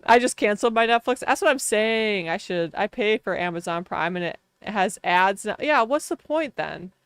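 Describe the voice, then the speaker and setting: A woman's voice: medium pitch, animated, normal speed, clear, resonant tone, no echo, clean studio sound. A woman with a Wisconsin accent chatting casually on a live game stream, laughing often and talking to her chat. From Wisconsin, US Midwest.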